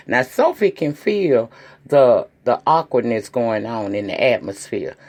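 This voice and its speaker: A woman's voice: extremely low pitch, darkish tone. Chatty woman recapping a TV episode while sick. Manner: chatty and folksy, talks straight to viewers. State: sick with a sinus infection. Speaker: TV show reviewer. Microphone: audio-only podcast style recording.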